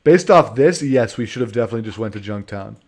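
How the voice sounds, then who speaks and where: A man's voice: on the low side, animated, fast, darkish tone. A man streaming a video game, rambling and joking in casual commentary, swearing freely and calling people man. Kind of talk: casual let's-play commentary.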